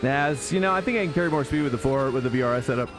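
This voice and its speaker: A man's voice: medium pitch, racing, over music. Chatty, self-correcting sim racing streamer man. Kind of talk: casual live-stream chat while driving.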